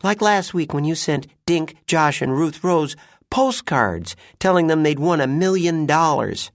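A man's voice: on the high side, animated, measured pace, no echo, clean studio sound, pitched above the performer's own voice. A man reading a children's story aloud and voicing a curious little girl.

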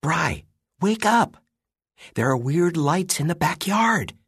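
An eager, wide-eyed young boy played by a man reading a storybook talks in a raised, lively voice. The reading is close and dry. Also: fairly high pitch, takes it slowly, slightly rough, dry recording, pitched above the performer's own voice, full character voice. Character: eager young boy who believes in aliens.

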